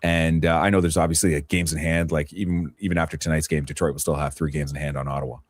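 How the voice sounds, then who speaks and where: Deep fast-talking male analyst. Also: steady tone, dry recording. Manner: rapid, lots of "like", analytical. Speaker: co-host. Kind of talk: casual sports radio chat.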